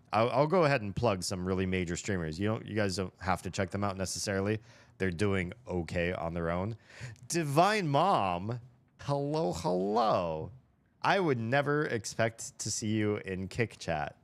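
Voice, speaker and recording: An American man with a neutral General American accent, chatting casually to his livestream audience while gaming, rambling and thinking aloud. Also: deep voice. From United States. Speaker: streamer.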